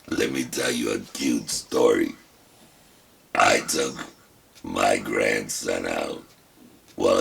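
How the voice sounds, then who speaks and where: An older man hosts his own talk show, telling his story casually with wry, deliberate self-mockery. His voice is gravelly and rasping, produced through a throat prosthesis, rumbling low but fairly bright in tone. The mic is distant, with faint background hiss.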